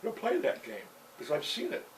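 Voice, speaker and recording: A man's voice: high voice, huge pitch swings, fast talker, recorded from a distance, a little hiss or hum, poor audio. A man recounting a personal story in a loose, rambling way, with plenty of "you know" and little chuckles. He sits some way from the mic. A faint buzz of insects hangs behind him.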